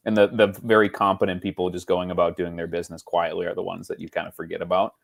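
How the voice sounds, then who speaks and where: A man's voice: low voice, level tone, quick pace, vocal fry. A man co-hosting a casual football podcast, rambling through stories and mimicking other people. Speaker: podcast co-host. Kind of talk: casual chat.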